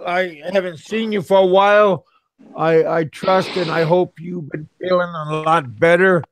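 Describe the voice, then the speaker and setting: Slow-talking man hosting a live stream. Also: sits high, fairly even intonation, slight background noise. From USA. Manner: halting, repeats words, chuckles often. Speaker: streamer host. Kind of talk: casual live-stream chat.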